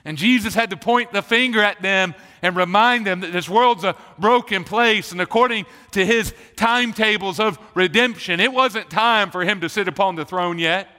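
A man's voice: sits high, moderate pace, hardly any pauses, sharp tone. A male pastor preaching a sermon with emphatic repetition of key phrases, recorded in a church hall. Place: church sanctuary. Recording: long reverb of a church hall.

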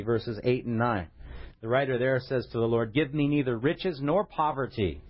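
A man preaches in a relaxed, conversational way, with light humor running through the sermon. His voice sits at an ordinary middle pitch. The recording sounds a little dull and lo-fi. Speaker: pastor.

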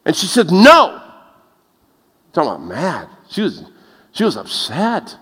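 A man preaching a lively sermon, telling stories and laughing at his own jokes. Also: normal speed, breathy edge. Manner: animated, laughs at his own jokes, rises in pitch when excited. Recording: long reverb of a large hall.

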